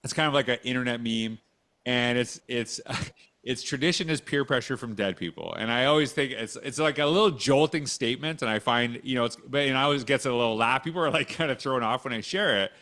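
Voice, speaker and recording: A man's voice: medium pitch, a little fast, bright, forceful tone. A man hosting a podcast interview in a casual, conversational way, rambling through restarts and dropping dry sarcastic asides. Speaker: podcast host.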